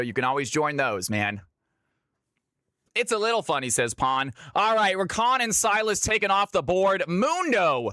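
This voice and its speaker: A man's voice: high-pitched, pushed and bright, dry recording, clean studio sound. A man from Georgia in the US, hosting a live stream and calling custom games with a hyped announcer delivery. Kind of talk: live game commentary.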